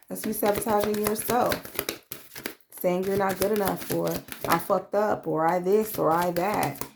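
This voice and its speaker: A woman's voice: mid-range voice, gravelly, a little mellow, slight background noise. A woman doing a tarot reading to camera in a blunt, profane, streetwise manner, calling the listener babe and acting out quoted voices. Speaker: tarot reader.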